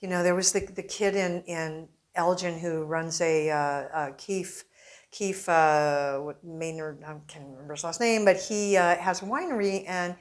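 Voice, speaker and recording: A woman reporter with a somewhat low-pitched voice, telling stories in a relaxed interview. She slips into other people's voices as she quotes them. The whole thing is animated and conversational. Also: measured pace. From Arizona. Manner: animated anecdotes with acted-out quotes. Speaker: newspaper reporter, interview guest. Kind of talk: casual storytelling interview.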